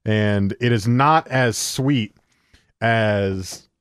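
A man's voice: fairly low pitch, drawn-out words, clear, resonant tone, no echo, clean studio sound. A man co-hosting a casual beer tasting chat, talking at length through tasting notes. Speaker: co-host presenting a beer of the week.

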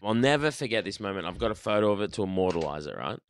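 A man, telling band stories in a casual, animated way, swearing and restarting often. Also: fairly low pitch, very fast, a little hiss or hum. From Australia. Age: 30s. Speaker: band member, guest. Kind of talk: casual storytelling.

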